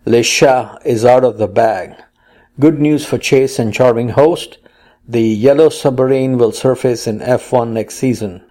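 Man, co-host, mellow voice, casual news chat, playful puns. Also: mid-range voice, a little slow. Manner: reads news items and quotes aloud, playful puns.

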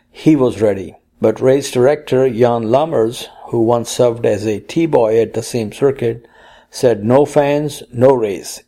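A man's voice: medium pitch, dark tone. A man co-hosting a casual chat, reading news items aloud with playful puns and quotes. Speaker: co-host.

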